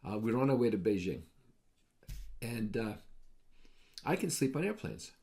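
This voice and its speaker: A man's voice: medium pitch, very animated, unhurried, vocal fry, a little mellow. A man hosting a short advice video, telling casual anecdotes with wry, joking asides. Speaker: host of a daily advice video series.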